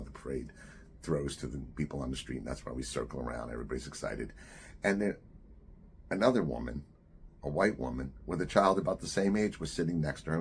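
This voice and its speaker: Recalling a memory from when he was young, a New Jersey author in his sixties tells the story in a loose, conversational way, sinking to a near-whisper when things turn grave. His voice is extremely low with a gravelly rasp, over faint background noise.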